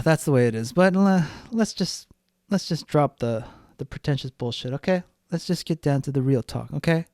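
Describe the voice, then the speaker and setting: A man's voice: a little high, dry recording, clean studio sound. A man hosting a solo podcast, talking bluntly and rambling, with lots of swearing. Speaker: podcast host. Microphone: studio podcast mic.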